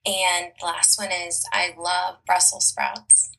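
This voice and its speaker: A woman's voice: fairly low pitch, monotone, takes it slowly, gravelly, bright, forceful tone, low-quality recording. A woman guesting on a podcast as a travel blogger, cheerful and chatty, laughing often. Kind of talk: casual interview chat.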